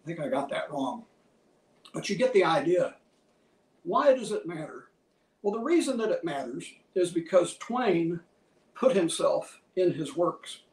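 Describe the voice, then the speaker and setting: A man's voice: on the high side, very animated, far from the mic. Scholarly man lecturing in a roomy hall. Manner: measured, scholarly, lists many quotations. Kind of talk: museum lecture.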